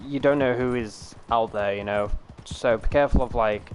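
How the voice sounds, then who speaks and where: A man's voice: mid-range voice, moderate pace, slight background noise, low-quality recording. A British man from the UK chatting casually on a live stream, rambling, swearing and laughing easily.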